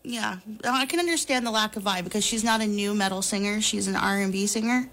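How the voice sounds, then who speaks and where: A woman in her thirties co-hosting a podcast, talking in a loose, rambling, animated way with plenty of fillers and laughs. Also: medium pitch, fairly quick. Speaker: podcast co-host. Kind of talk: casual chat.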